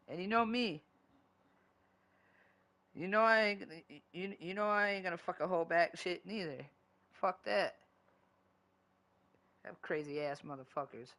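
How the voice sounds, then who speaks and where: This male streamer's voice sits high, bright and forceful as he talks casually over a video game. His chat is loose and rambling, with nonstop swearing.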